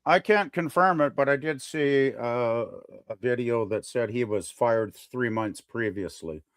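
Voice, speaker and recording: A man joining a casual podcast chat, speaking in a measured, hedging way. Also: mid-range voice, dry recording, clean studio sound.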